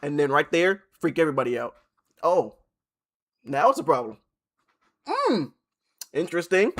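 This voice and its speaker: A man's voice: fairly high pitch, expressive, normal speed, a bit bright. A male streamer who reads posts aloud on a live stream and reacts bluntly, swearing freely and repeating himself for effect.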